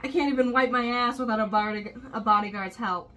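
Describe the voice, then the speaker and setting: A woman voicing a blunt, crude female mayoral candidate who talks in a loud, sardonic way. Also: fairly high pitch, a little fast, natural voice.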